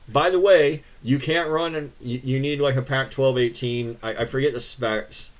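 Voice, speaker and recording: A man's voice: medium pitch, normal speed, hardly any pauses. A young American man hosting a car channel, ranting sarcastically and swearing as he reads viewer questions. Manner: profane, sarcastic, exasperated ranting. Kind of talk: ranting reaction to viewer posts.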